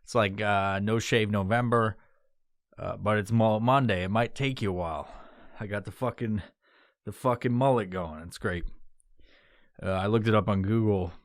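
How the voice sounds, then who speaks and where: A man's voice: fairly low pitch, normal speed, dry recording. A man from New York hosting his own podcast alone in a studio. He talks in a put-on tough-guy tone and swears constantly. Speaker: podcast host. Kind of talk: solo podcast monologue.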